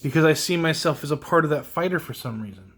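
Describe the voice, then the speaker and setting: A young man talks through a casual solo podcast, emotional and rambling, laughing at himself as he goes. His voice sits a bit high for a man. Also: fast talker, fairly bright tone, breathy edge. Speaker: podcast host.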